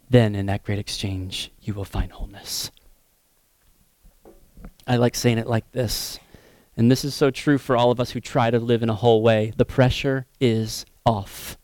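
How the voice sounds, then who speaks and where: A pastor preaching a sermon in an earnest manner, swinging between emphatic, raised passages and soft, hushed ones. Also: male voice, medium pitch, dry recording.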